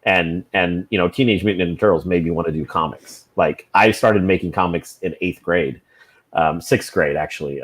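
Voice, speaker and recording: A comic creator joins a live stream over a call and answers casually. His voice sits very low. He speaks haltingly and repeats words as he gathers his thoughts. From California. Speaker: comic book creator guest.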